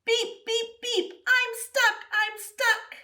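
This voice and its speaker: A woman voicing a small, cheerful male blue truck in a children's storybook reading, in a high, squeaky voice. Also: little pitch movement, drawn-out words, bright, forceful tone, roomy sound, far from the mic, exaggerated voice. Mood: pleading.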